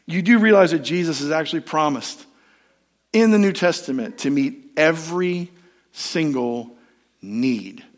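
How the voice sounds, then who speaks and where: A man's voice: on the high side, expressive, a little slow. Conversational pastor man preaching a sermon. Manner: storytelling, conversational, asks the audience questions.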